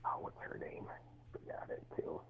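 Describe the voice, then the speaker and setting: A man's voice: normal speed, in a whisper. A man calling into a livestream, arguing in a dismissive, mocking way. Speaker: caller. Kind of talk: heated call-in argument. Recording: husky tinny phone line.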